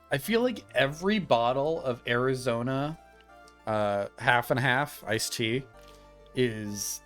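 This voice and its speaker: A man's voice: medium pitch, fairly bright tone. A young man streaming live, chatting and rambling casually with frequent laughs.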